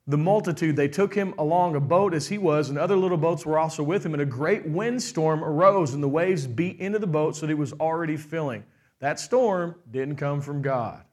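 A middle-aged man preaching a sermon with animated delivery, putting on quoted voices and asking the congregation questions. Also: on the high side. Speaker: pastor.

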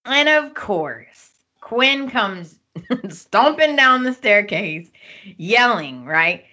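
Here a woman speaks at medium pitch, drawing her words out. As a podcast host, she chats casually through a soap opera recap, storytelling with energy and performing the characters' quotes.

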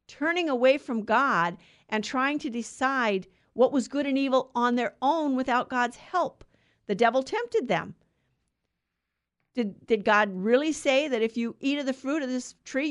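A woman reading a gospel passage and then giving a chatty, conversational homily with small laughs. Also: a little high. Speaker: preacher giving a gospel reflection. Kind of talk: informal homily.

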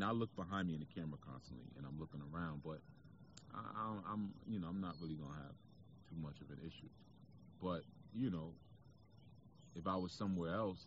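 Speaking outdoors to camera, a deep-voiced man with a New York accent gives an informal spiritual talk that is reflective and preachy, peppered with "you know" and other fillers. The highs are cut off, and there is slight background noise.

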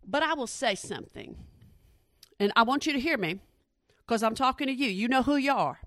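A woman in her forties does stand-up, speaking straight to the crowd and playing out every voice in her story. Her voice sits a little high. The lapel mic gives a close, dry sound with no room echo. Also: a little fast. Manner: animated, addresses the audience directly, acts out quoted voices. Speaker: stand-up comedian.

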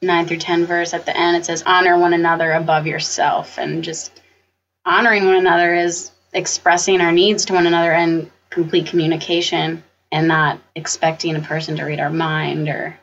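A young woman with a lowish, gravelly voice reflects on relationships on a faith podcast, often pausing and restarting her thoughts. The sound is dull, with faint hiss behind. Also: level tone, fairly bright tone. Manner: reflective, hesitant restarts, frequent affirming murmurs. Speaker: podcast co-host. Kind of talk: casual faith-based discussion.

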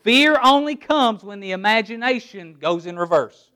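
A middle-aged man preaching a sermon, with emphatic word-by-word stress and rhetorical questions, often dropping to a quiet, low voice on key words. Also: expressive, moderate pace. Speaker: pastor.

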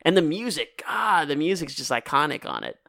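A man's voice: on the high side, lively intonation, fairly quick, creaky, sharp tone, dry recording, clean studio sound. A man co-hosting a podcast, chatting casually and animatedly, laughing often. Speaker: podcast co-host. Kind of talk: casual chat.

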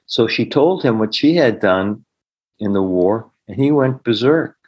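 In dull audio, a middle-aged man who works as a healer sits as a podcast guest and tells stories in an interview, earnestly acting out the voices of those he quotes. His lowish voice is expressive, darkish and slightly breathy, with a measured pace.

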